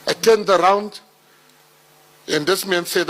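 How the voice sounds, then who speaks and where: A South African man in his forties, telling life stories to an audience in an animated way, building to laughing punchlines. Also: high voice, a little slow, long pauses, poor audio. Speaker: public speaker. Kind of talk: storytelling talk.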